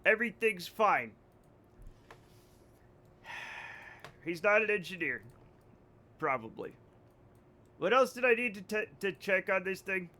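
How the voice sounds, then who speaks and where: High-voiced excitable male streamer. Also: a little slow, long pauses. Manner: excitable, joking, swears, laughs often. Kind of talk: live gameplay commentary.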